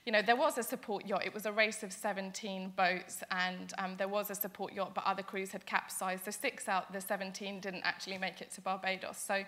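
A woman's voice: medium pitch, level tone, a little fast, few pauses, a bit bright. A young woman, an interview guest, telling her story in an earnest, eager way, with many fillers and restarts. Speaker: interview guest, charity founder.

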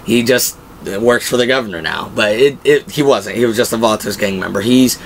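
A young man in the middle of his pitch range gushes about a show in relaxed, unscripted chat. He wanders through his points with plenty of filler words, and a faint hiss sits under the recording. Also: a little fast, low-quality recording. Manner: rambling, filler-heavy and enthusiastic. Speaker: pop-culture show host. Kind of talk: casual fan commentary.

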